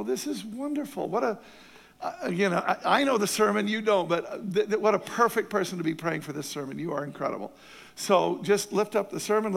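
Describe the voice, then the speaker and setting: A man's voice: high voice, vocal fry, long reverb tail. A man preaching a sermon to his church, earnest and emphatic, repeating key phrases for stress. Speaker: pastor.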